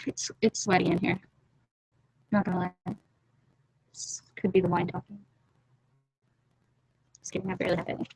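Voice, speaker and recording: A young woman hosting a casual drawing livestream from a warm room at home, rambling and giggly, often trailing off into mumbles, on a laptop webcam mic. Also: fairly low pitch, little pitch movement, normal speed, vocal fry, pauses often, breathy edge, no echo, low-quality recording. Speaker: livestream host. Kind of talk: casual chat while drawing.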